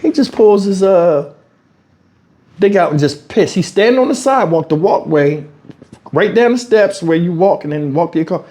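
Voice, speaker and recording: In a laid-back vlog, this high-voiced Houston man and YouTube commentator animatedly relates a story at normal speed, performing people's words and cursing without restraint. The sound comes from a wireless lapel mic at home.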